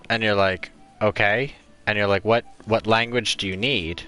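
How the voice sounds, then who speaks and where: A man's voice: mid-range voice, expressive, moderate pace, a bit bright, faint music behind. A man casually chatting and telling stories while playing a game as a let's play host. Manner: chatty, rambling storyteller. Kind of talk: casual gaming commentary.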